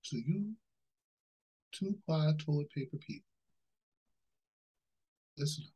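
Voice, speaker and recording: A man's voice: a little high, slow, breathy edge, rough recording. A man co-hosting a podcast, ranting in casual chat with plenty of swearing and laughter. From Ohio, USA. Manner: animated, ranting, laughs often, swears freely. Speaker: podcast co-host.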